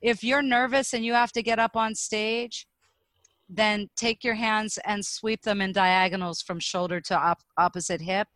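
A woman guest on a podcast, a speaking coach explaining and demonstrating vocal warm-up exercises. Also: mid-range voice, fairly even intonation, normal speed, dry recording. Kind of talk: podcast interview.

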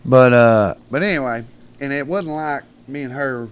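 A man's voice: mid-range voice, moderate pace, clear, resonant tone. A man, a podcast guest telling rambling, folksy stories and laughing through them. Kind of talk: casual storytelling.

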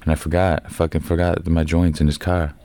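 A young man hosting his own podcast alone, rambling through a casual story full of swearing, with sudden loud bursts. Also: a bass voice, little pitch movement, fairly quick. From Canada. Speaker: podcast host. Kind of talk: casual solo podcast monologue.

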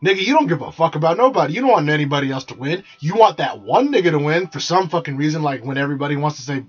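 Husky-voiced young man ranting crudely. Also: fairly high pitch, rapid-fire. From San Jose, California. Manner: blunt, crude and exasperated, swears constantly. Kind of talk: profane ranting monologue. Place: small room with the door partly closed. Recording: dull lo-fi sound.

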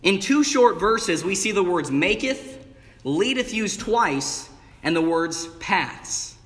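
Young male preacher, high voice, exuberant and emphatic, church hall with long echo. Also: very animated, takes it slowly, a bit bright. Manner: exuberant, rising to emphatic bursts with call-outs of "amen" and "hey". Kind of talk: sermon. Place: church sanctuary.

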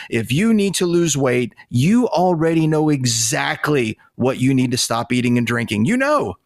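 A man's voice: fairly high pitch, no echo. A man hosting a podcast from his studio, talking bluntly and with exasperation, swearing freely. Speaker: podcast host. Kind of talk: casual podcast talk.

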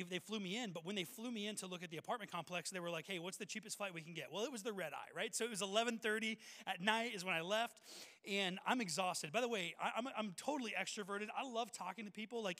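Young guy pastor preaching quick, bright sharp voice, big echoey hall. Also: sits high. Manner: energetic storyteller, acts out voices of people in the story. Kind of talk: sermon with a personal story. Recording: long hall reverb.

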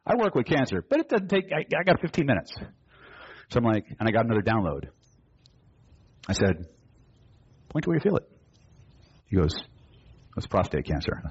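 A man's voice: medium pitch, big pitch swings, brisk, pauses often, breathy edge, lo-fi sound. A man teaching a live seminar, telling a story and acting out both sides of the dialogue, to a room of students. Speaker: hypnosis and NLP trainer.

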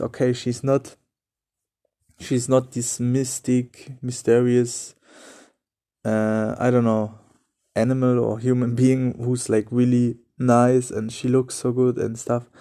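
A young man who isn't a native English speaker hosts a solo motivational podcast, earnest and repetitive with loose phrasing. His voice is medium-pitched and warm.

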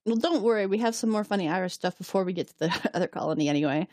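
A woman's voice: medium pitch, rapid-fire, darkish tone, no room sound, clean studio sound. A woman co-hosting a podcast, recapping an episode in casual chat, laughing often and swearing freely.

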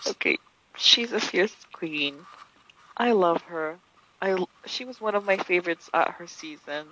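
A co-host in a casual podcast chat, giggly and quick with dramatic exclamations. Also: mid-range voice, animated, bright, forceful tone, highs cut off, slight background noise.

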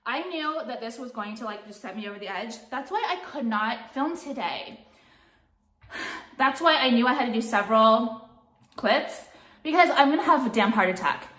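A woman's voice: fairly high pitch, animated, normal speed, fairly bright tone, roomy sound. Exasperated, foul-mouthed woman ranting. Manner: exasperated, profane, heavy use of "like". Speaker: makeup vlogger. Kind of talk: ranting vlog monologue. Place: at home.

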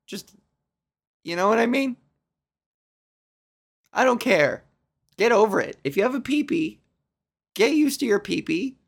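A young adult woman hosts a solo podcast, rambling and ranting through a casual monologue full of swearing. Her voice is fairly high and animated with vocal fry, and she speaks at a measured pace with long pauses.

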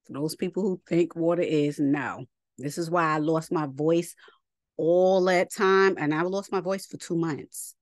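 A woman's voice: low voice, a little slow, no echo, studio quality. Chatty woman teaching a scripture lesson. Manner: chatty, colloquial, digressive asides. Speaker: Bible teacher.

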